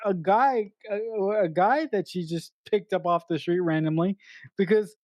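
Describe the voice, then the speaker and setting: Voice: mid-range voice, moderate pace, darkish tone, no echo, studio quality. A podcast co-host in casual film review chat, earnest and teasing, often restarting sentences.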